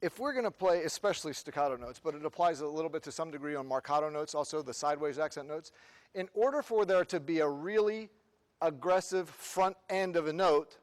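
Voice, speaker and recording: A man leading a concert band rehearsal, counting off the players, singing rhythms to show them, and quizzing them with quick questions. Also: a little high, expressive. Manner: counts off and sings rhythms to demonstrate. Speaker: band clinician. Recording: long reverb of a large hall.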